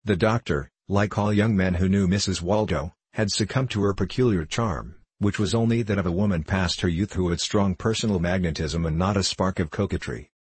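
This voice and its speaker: A man reading a novel aloud as audiobook narration, in an even, unhurried storytelling manner. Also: sits low, husky, no echo. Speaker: audiobook reader. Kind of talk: scripted narration.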